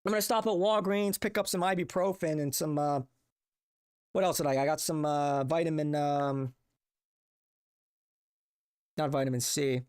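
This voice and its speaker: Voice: mid-range voice, steady tone, normal speed, long pauses, a little mellow, smooth. A young adult streamer ranting casually, profane, exasperated and rambling. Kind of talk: casual livestream rant.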